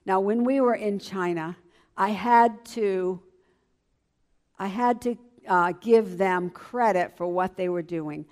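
A woman's voice: mid-range voice, slow. A woman in her seventies giving an enthusiastic church presentation as a health educator. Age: 70s. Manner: lively, enthusiastic, emphatic.

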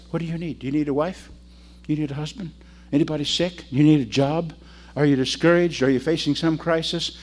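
An older man preaching a sermon, telling stories and calling on the congregation to answer and repeat after him, moving between loud preaching and low asides. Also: steady tone, a little fast, a little hiss or hum. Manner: storytelling with call-and-response to the congregation.

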